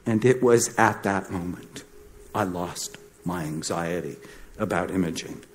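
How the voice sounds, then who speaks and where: A man's voice: sits low, measured pace, slight background noise. A middle-aged man, a doctor, giving a storytelling talk and acting out the voices of the people in it. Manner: animated, acts out the voices in his stories. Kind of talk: storytelling lecture.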